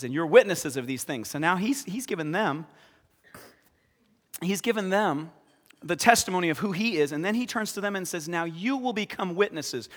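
High-voiced pastor preaching in a hall. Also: male voice. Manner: lively, acts out scripture scenes with dramatic shouts. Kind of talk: sermon. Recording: long reverb of a hall.

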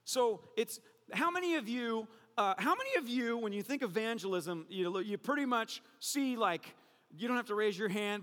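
A pastor giving a sermon, an animated, joking storyteller who drops his voice low for emphasis. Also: big-room sound.

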